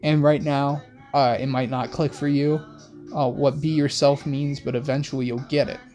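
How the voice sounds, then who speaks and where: A young man hosting a rambling late-night monologue in laid-back slang, with soft music playing behind him. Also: mid-range voice, level tone, moderate pace. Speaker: host. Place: in a car.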